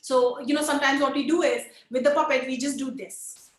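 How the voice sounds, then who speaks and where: A woman teaching an online puppetry workshop, lively and demonstrative, coaxing the group to try along with her. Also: sits high, fairly quick, roomy sound, low-quality recording.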